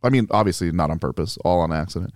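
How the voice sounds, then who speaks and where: A man's voice: deep voice, animated, a crowd in the background. A man, a comedian and podcast guest, joking and riffing in casual chat. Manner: joking, quick to riff.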